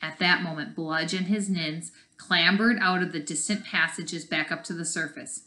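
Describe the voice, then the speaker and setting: A woman teacher reading a chapter book aloud and pausing to explain the story. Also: fairly low pitch, fairly even intonation, pushed and bright. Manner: explains the story as she reads. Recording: echoey room.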